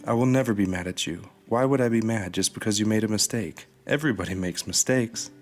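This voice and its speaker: A man's voice: fairly low pitch, a little fast, lightly acted. A man voicing a kind, smiling God. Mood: reassuring. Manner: warm and reassuring. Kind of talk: storybook reading.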